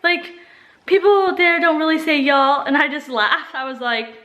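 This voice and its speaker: Texas mom vlogging at home, high voice, laughs a lot, super chatty storyteller. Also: female voice, moderate pace, bright, forceful tone. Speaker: vlogger, mother. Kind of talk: casual chat. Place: family home, indoors.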